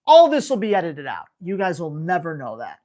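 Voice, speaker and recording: A woman who trains dogs takes viewer questions during a live Q&A, coaching in a casual, energetic, emphatic way. Her voice is lowish and she talks fairly quickly.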